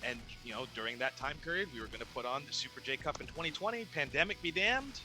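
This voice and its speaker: A man's voice: on the high side, fast, over music. A young man, a ring announcer, telling a story casually in an interview and acting out the conversations he quotes. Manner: animated, acts out quoted exchanges.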